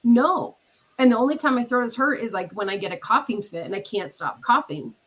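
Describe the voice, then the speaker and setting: A woman's voice: fairly high pitch, brisk, husky, rough recording. A woman hosting a casual podcast chat, telling stories animatedly and acting out what others said, with a cough from illness. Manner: animated storytelling, acting out quoted people. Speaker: podcast host.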